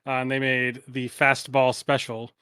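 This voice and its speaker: A man co-hosting a podcast, chatting in a relaxed, upbeat way with many fillers. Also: mid-range voice, a little slow, smooth, dry recording, studio quality. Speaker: podcast co-host. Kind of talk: casual chat.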